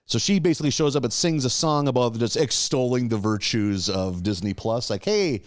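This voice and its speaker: A man's voice: medium pitch, a little fast, dry recording. A man co-hosting a podcast, casually recapping episodes in a laid-back way, with lots of swearing. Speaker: podcast co-host.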